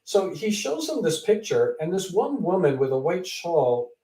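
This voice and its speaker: A man with a slightly high yet mellow voice tells an animated story in an interview, jumping into the voices of the people he met. He sits some way from the mic, and the room echoes around him. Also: normal speed, distant mic. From Canada. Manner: animated storyteller who acts out quoted people. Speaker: author and guest.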